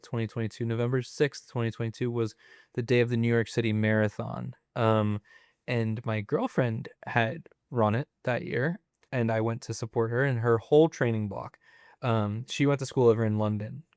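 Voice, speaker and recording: Chill guy in his 20s yarning on a podcast, smooth voice, dry close sound, lots of likes and ums. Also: mid-range voice, dry recording. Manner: relaxed, chatty, loose with fillers. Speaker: podcast guest. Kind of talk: casual interview storytelling.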